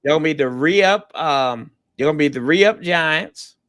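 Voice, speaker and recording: A man's voice: fairly high pitch, moderate pace, a bit bright. A man guesting on a casual sports talk show, teasing and playful in his banter.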